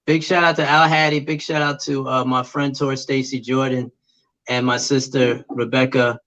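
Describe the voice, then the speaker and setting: A man, a comedian guest, chatting casually on a podcast with plenty of fillers. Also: normal speed. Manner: relaxed, with fillers, booming announcer bits. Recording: muffled lo-fi audio.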